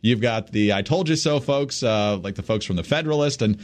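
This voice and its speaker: A man's voice: mid-range voice, brisk. A man co-hosting a political talk podcast, teasing and sardonic as he reads the news. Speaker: podcast co-host. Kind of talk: casual political chat.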